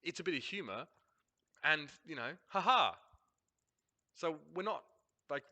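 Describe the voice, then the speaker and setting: Brief: Australian man, blunt ranting host, lively and swinging in pitch. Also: a little slow, long pauses. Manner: animated, blunt, swears freely, rants in long runs. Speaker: host reviewing a match broadcast. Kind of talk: casual commentary over a replay.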